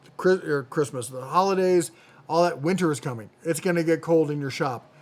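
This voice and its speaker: A man with a slightly raised pitch runs through weekly product deals as a channel host. His delivery is casual and jokey, and he often restarts a sentence to correct himself. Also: brisk, darkish tone. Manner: chatty, jokey, self-correcting. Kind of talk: casual product deal rundown.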